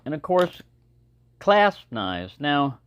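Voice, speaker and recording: A man from Texas with a Texan accent, casually showing his knife collection in a rambling, relaxed way with lots of fillers. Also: a little high, slow pace, clean tone, muffled recording. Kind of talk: casual show-and-tell talk.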